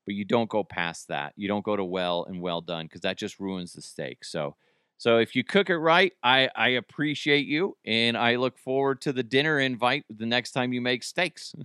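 A man's voice: mid-range voice, moderate pace, bright, forceful tone, smooth, no echo, clean studio sound. A man in his thirties hosting a casual solo podcast, rambling and joking, cursing freely and laughing at his own jokes. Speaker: podcast host.

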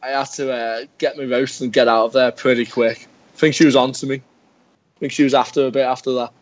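A man co-hosting a podcast, telling a crude story in casual banter and breaking into shouted squeals as he acts it out. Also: steady tone, a little fast, dry recording, muffled recording. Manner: crude storytelling, bursts into shouted high squeals when acting out scenes. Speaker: podcast co-host.

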